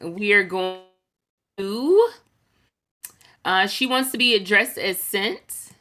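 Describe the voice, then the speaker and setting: A woman hosting an astrology livestream in relaxed, slangy casual chat. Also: medium pitch, slow pace. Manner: laid-back, slangy, runs the reading segment.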